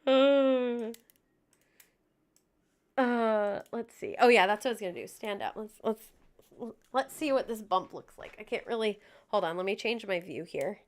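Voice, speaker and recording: A woman's voice: mid-range voice, a little slow, long pauses. A young woman chatting casually with her livestream viewers, out of breath, laughing often and joking at her own expense. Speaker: music streamer.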